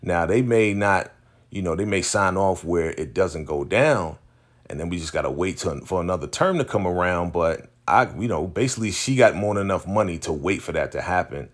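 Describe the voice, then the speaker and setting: Low-voiced man casually recapping a TV episode. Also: moderate pace. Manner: animated retelling with slang and repeated fillers. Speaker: TV recap host.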